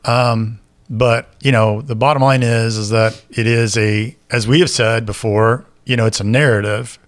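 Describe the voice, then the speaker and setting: A man's voice: medium pitch, normal speed. A man telling a story on a podcast in casual chat, acting out the voices of the people in it. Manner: animated storyteller, acts out quoted voices. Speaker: podcast co-host.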